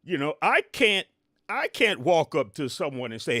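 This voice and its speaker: A middle-aged man giving casual, animated reaction commentary on an interview clip, exclaiming and talking back at it. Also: a little high, normal speed, no echo, studio quality.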